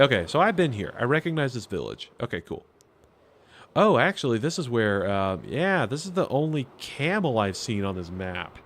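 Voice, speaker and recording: A man's voice: mid-range voice, a little hiss or hum. A man streaming a game live, rambling and thinking aloud with lots of fillers and chatty, self-deprecating asides to viewers. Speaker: gaming streamer. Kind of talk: live gameplay commentary. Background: faint game music.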